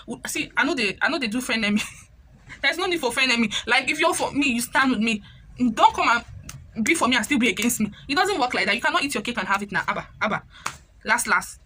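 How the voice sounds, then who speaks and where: A young woman with a Nigerian accent, casually recapping a reality show with animated, chatty storytelling. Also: fairly high pitch, fairly quick. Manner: animated, chatty, slips into pidgin when quoting.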